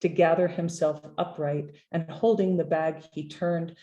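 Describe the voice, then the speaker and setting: A middle-aged woman poet reading her poems aloud at a book launch, measured and deliberate, with hesitant asides between pieces. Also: low voice, steady tone, dark tone, muffled recording. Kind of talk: poetry reading.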